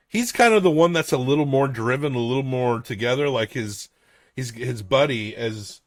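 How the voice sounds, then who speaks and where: A man's voice: mid-range voice, moderate pace, no room sound. Male podcast host, loose and profane, in a dry, close-miked sound. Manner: rambling, swears, many restarts. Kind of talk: casual movie review chat.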